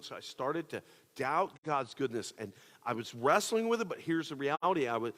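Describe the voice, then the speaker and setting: A man's voice: mid-range voice, animated, normal speed, a bit bright, big-room sound. A man pastor giving a sermon, telling a personal story in a casual, conversational way with many fillers. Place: church auditorium.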